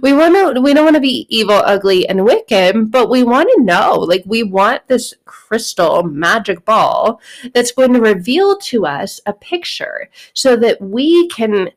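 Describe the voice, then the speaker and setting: Woman, podcast host, casual spiritual talk, chatty, animated, acts out quotes, laughs, swears now and then. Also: on the high side, a little slow.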